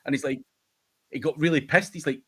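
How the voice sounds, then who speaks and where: This Scottish host from the United Kingdom speaks a little fast in a fairly high, steady voice that sounds pushed and bright with a breathy edge. He laughs through his stories, swears often, and chats casually on a livestream.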